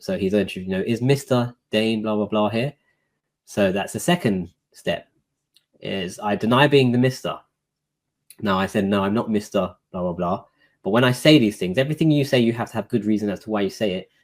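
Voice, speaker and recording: A man talking casually as a guest, recounting a court visit with lots of fillers like "you know". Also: fairly low pitch. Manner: relaxed, filler-heavy, recounting a court dialogue. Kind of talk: casual conversational storytelling.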